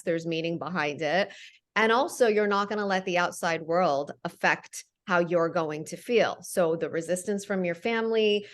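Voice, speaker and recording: Lower-voiced woman host, warmly affirming. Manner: affirming, reflective listener. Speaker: podcast host. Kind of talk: conversational interview.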